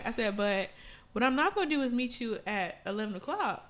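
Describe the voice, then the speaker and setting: A woman co-hosting a casual chat, telling stories in a frank, profane, animated way. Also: fairly high pitch, a little fast, slight background noise. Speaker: podcast co-host.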